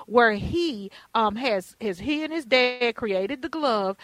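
A woman's voice: fairly high pitch, dry recording, rough recording. A middle-aged woman hosting a radio talk show, telling stories with playful emphasis. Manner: animated storyteller, playful and emphatic. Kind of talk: casual interview chat.

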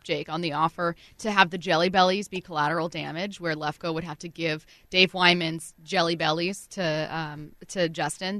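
A woman co-hosting a sports talk show, telling stories in a lively way with acted-out voices. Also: on the low side, dry recording, clean studio sound. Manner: lively, acts out imagined conversations. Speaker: sports radio co-host.

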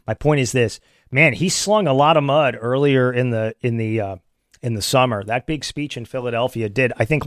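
A man giving opinionated political commentary in an animated way, with many restarts. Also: mid-range voice, dry recording, clean studio sound.

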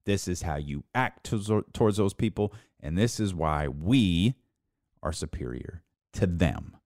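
A man's voice: low voice, animated, a little slow, darkish tone, no room sound, clean studio sound. A man hosting a solo sports talk show, speaking in a casual, opinionated way with wry, exasperated asides. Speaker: sports talk podcast host.

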